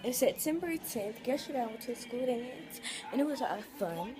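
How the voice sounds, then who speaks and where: A woman's voice: fairly high pitch, lively intonation, fairly quick, music in the background. A teenage girl, rambling casually with many fillers as she vlogs at home on a phone camera. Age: teens. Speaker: vlogger. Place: house and backyard.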